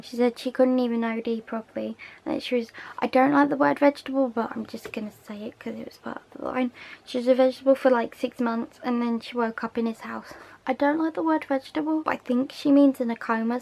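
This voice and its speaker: This TV episode reviewer is a young woman whose fairly high voice carries vocal fry, captured in low quality. She goes over the episode casually and chattily, retelling scenes with quoted lines and side comments.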